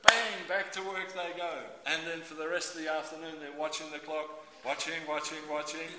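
A man preaching a sermon in a lively, theatrical way, acting out everyday scenes with voices. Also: on the high side, fairly quick. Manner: animated, acts out scenes with voices. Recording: echoey hall.

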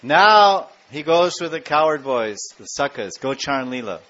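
A man tells devotional stories with lively energy, acting out the scenes and putting asides to his listeners. His voice sits somewhat high for a man. The recording sounds dull and lo-fi. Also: a little slow. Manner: animated storyteller acting out scenes, with asides to the audience. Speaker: spiritual speaker. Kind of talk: devotional storytelling talk.

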